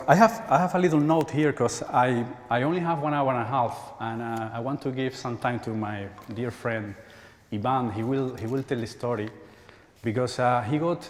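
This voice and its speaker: Spanish guy in his 40s giving a talk, keeps repeating himself, laughs a lot, long echo in a big hall. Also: medium pitch. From Spain. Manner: halting, repeats words, laughs often. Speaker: conference speaker. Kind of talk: conference talk. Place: large church hall. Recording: hall reverb.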